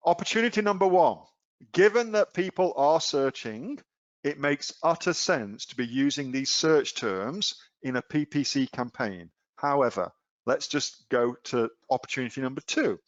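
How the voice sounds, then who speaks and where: An Australian online selling coach leads a live screen-share webinar, casual and blunt, often firing rhetorical questions at viewers. His voice is medium-pitched, and the recording is dry and dull.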